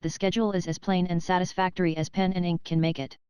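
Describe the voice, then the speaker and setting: A woman reading the part of a pompous, boastful middle-aged male attorney who rambles and clears his throat. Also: lowish voice, flat delivery, fast, a little mellow, dry recording, natural voice.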